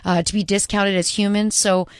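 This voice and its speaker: A woman's voice: medium pitch, little pitch movement, normal speed, clear, resonant tone, dry recording, clean studio sound. A woman guest on a radio talk show, talking in an earnest, upbeat way about her work. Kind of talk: casual interview chat.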